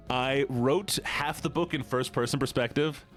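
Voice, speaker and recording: A man's voice: mid-range voice, a bit bright. A man with a Midwestern American accent chatting casually on a livestream, rambling, laughing often and reading chat aloud. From United States. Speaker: VTuber streamer.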